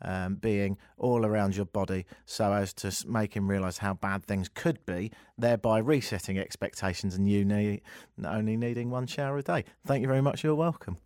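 A middle-aged radio host in casual talk, dry and self-mocking, with a rambling delivery. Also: male voice, lowish voice, steady tone, normal speed, few pauses, darkish tone, smooth, no room sound. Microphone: studio mic.

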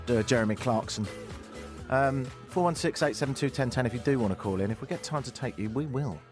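A man hosting a talk radio show, ranting sarcastically with lively asides from a studio microphone. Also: medium pitch, fast, faint music behind. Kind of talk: opinionated talk radio monologue.

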